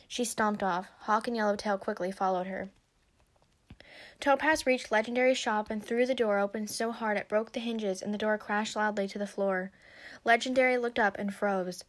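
A woman narrating a story aloud in a steady storybook reading. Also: medium pitch, moderate pace.

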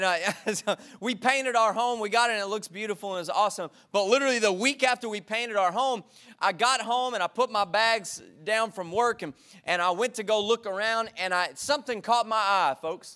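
A man preaching a sermon to his congregation in church, energetic and exhorting, drawing call-and-response from the crowd. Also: sits high, brisk. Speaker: pastor.

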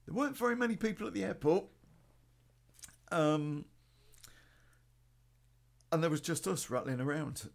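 A man's voice: on the low side, gravelly. A man telling a rambling personal story in a casual, sweary way, full of ums and restarts. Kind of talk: casual spoken anecdote.

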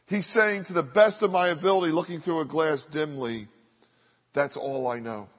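A man preaching a sermon from the pulpit, his fairly high voice carrying a long reverb through a big hall. He speaks as an earnest pastor, often slowing down and softening to repeat short phrases for weight. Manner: earnest preaching that drops to soft slow repetitions for emphasis.

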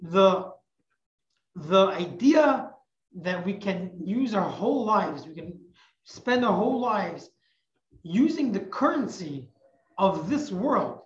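A woman teacher telling a religious parable in an animated, emphatic way, often repeating phrases. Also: medium pitch, slow pace. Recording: echoey, muffled recording.

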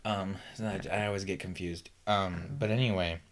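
A man's voice: sits low, fairly even intonation, moderate pace, a crowd in the background. A man co-hosting a podcast, telling stories in a rambling way with many fillers and restarts. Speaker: podcast co-host. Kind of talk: casual chat.

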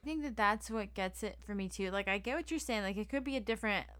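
A woman's voice: mid-range voice, fast, fairly bright tone, clear, resonant tone, no room sound. A young adult woman co-hosting a podcast in casual chat, enthusiastic and casual, swearing now and then. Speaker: podcast co-host.

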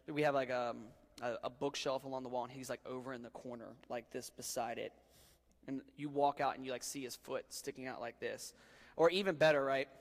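A man's voice: medium pitch, in a large hall. A man preaching a sermon in a casual, joking way, calling his listeners guys and dude. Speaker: pastor.

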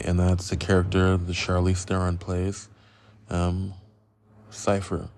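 A man hosting a casual film review podcast, rambling and profane, a bit loopy from being high. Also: darkish tone, slight background noise. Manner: rambling, loose and profane, goes off on riffs. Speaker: podcast host.

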